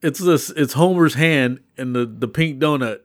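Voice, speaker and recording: A man's voice: medium pitch, normal speed. Rambling man telling stories. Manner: rambling, animated retelling with exclamations. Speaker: podcast co-host. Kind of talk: casual storytelling chat.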